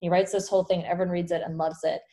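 A woman with a slightly lower-than-usual voice chats casually and spins out a long story. She narrates with animated energy and peppers every sentence with "like", as if talking to a friend. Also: rapid-fire. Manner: animated storyteller, heavy use of "like". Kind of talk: casual chat retelling a film plot.

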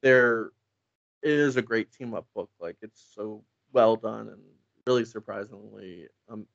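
Gravelly man rambling about comics. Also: on the low side, a little slow, no room sound, muffled recording. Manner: rambling, many fillers and restarts. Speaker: podcast co-host. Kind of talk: casual comic book discussion.

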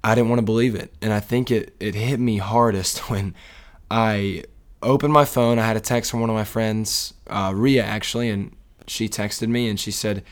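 A man's voice: on the low side, steady tone, moderate pace. A man co-hosting a casual sports talk show, speaking in an emotional, rambling way with many restarts. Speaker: sports podcast co-host.

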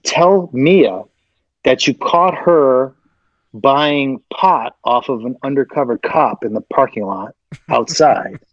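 A man, a guest actor, telling an animated anecdote and acting out the voices of the people in it, laughing often. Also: medium pitch, takes it slowly, no room sound, highs cut off.

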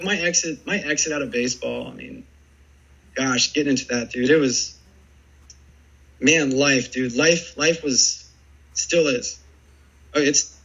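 Rambling former ballplayer, bright voice. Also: male voice, a little high, husky, muffled recording. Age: 40s. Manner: rambling, animated storytelling full of "dude" and "man". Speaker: former baseball player, guest. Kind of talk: casual storytelling interview.

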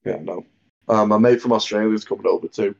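A man's voice: fairly low pitch, steady tone, fast, creaky. An English man co-hosting a podcast in casual chat, rambling and joking with lots of fillers, recorded remotely. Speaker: podcast co-host. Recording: dull lo-fi remote call audio.

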